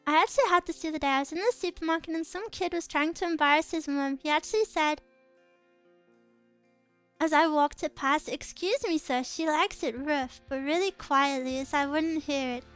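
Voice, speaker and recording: A woman with a very high, light voice chats casually on a stream, giggling often as she tells playful, teasing stories. Soft music plays faintly behind her. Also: brisk. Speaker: VTuber streamer. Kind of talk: casual chat.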